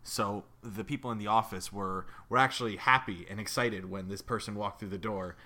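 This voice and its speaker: A man's voice: fairly low pitch, brisk. A man co-hosting a podcast, telling an improvised comic story with lots of fillers and laughter. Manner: animated, hesitant fillers, laughs. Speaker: podcast co-host.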